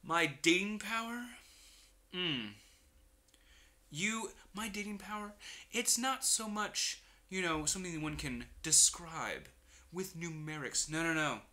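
A man's voice: a little high, a little slow, sharp tone. A man giving casual, rambling gaming commentary full of crude joking asides. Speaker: let's play streamer.

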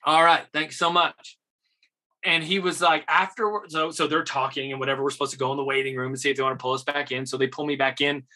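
A man, an actor, telling a lively anecdote in an interview, often breaking into laughter. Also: mid-range voice, very fast, few pauses. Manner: animated, laughing anecdote-teller. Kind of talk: conversational storytelling.

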